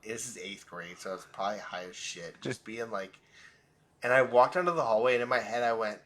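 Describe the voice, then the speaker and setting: A young man chats on a podcast in a rambling, profane way. He often laughs at himself mid-story, and his voice sits slightly low. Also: quick pace, fairly bright tone. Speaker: podcast co-host. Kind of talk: casual chat.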